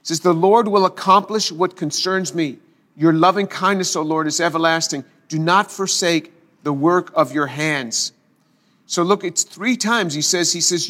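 A middle-aged male preacher with a noticeably high voice delivers a sermon in earnest. He repeats key phrases for weight and often stumbles into small restarts as he builds a point. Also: measured pace, fairly bright tone. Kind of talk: expository sermon.

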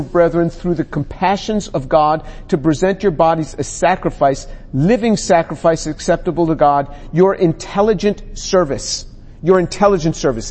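Guy preaching a bible sermon, earnest, says things twice, kinda high voice, long reverb. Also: darkish tone. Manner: earnest, repeats phrases for emphasis. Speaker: Bible teacher.

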